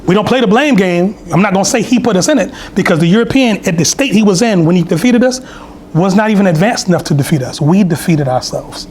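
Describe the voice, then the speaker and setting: A man preaches in a loose, storytelling way, full of asides and fillers. His voice sits fairly high for a man. A faint hiss runs beneath the temple recording. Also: quick pace, a little mellow. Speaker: speaker at a temple meeting. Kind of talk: conversational sermon. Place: temple hall.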